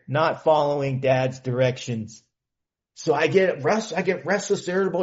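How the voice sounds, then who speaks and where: A man's voice: mid-range voice, brisk, a little mellow, lo-fi sound. A man from California sharing his recovery story as a meeting speaker, in an earnest, casual storytelling manner with slang. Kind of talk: personal testimony talk. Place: meeting hall.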